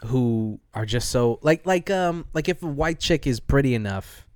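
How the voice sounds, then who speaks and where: Animated podcast co-host, dry close mic. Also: male voice, normal speed, clear, resonant tone, no room sound. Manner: animated, laughs often, jumps high when indignant. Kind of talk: casual chat.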